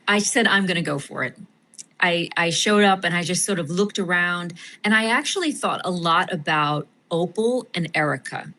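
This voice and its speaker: A woman guest in a casual interview, animated and self-mocking, often laughing as she talks. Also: fairly low pitch. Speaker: guest actress.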